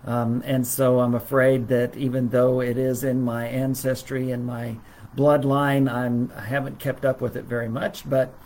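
A middle-aged preacher teaches a Bible lesson to a livestream audience. His voice sits in a plain middle range, and he talks in a halting way, stopping often on fillers and restarting his sentences. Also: medium pitch, level tone, darkish tone, slight background noise.

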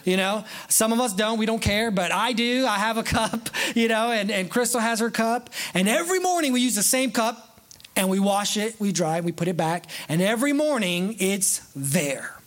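Casting: high-pitched male pastor, excitable and playful, joking with the congregation from the pulpit. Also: normal speed. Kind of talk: sermon. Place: church sanctuary.

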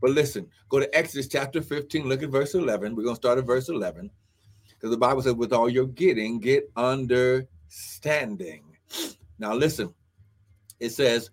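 A man preaching a fervent live-streamed sermon, calling out to listeners and shouting praise. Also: medium pitch, normal speed. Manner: fervent, punctuated with "glory" and "come on now".

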